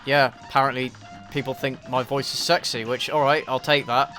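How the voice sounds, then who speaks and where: A man's voice: mid-range voice, steady tone, moderate pace, pushed and bright, soft background music. An English man chatting casually on a live stream, answering viewers in a dry, self-deprecating, offhand way. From England. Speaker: YouTube reviewer streaming a game.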